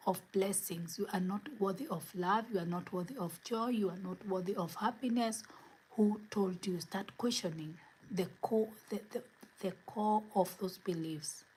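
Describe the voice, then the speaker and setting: Earnest woman, low soft voice. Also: slight background noise, low-quality recording. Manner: earnest, repeats rhetorical questions. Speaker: host. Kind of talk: spiritual motivational talk.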